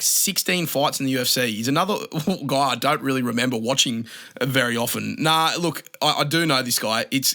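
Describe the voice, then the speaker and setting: A man's voice: medium pitch, sharp tone. A young Australian man hosting a casual fight-prediction show, talking in a blunt, sweary, joking way. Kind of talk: casual solo commentary.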